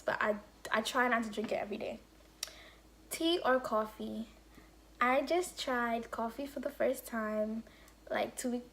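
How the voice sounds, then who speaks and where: Young woman vlogger with a fairly high voice, chatty story-time delivery, acts out quotes. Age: young adult. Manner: animated storytelling with acted-out quotes and lots of "like". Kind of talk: casual story-time chat.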